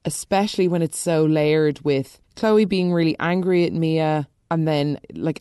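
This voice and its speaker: A woman chatting casually through a TV soap recap, animated and opinionated, with quick asides and exclamations. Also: sits low, clear, resonant tone, dry recording, clean studio sound.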